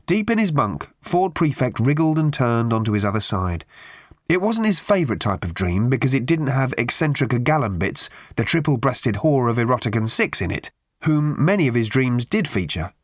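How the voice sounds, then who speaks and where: A man narrating an audiobook with dry, expressive storytelling. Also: mid-range voice, moderate pace, dry recording. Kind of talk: scripted narration.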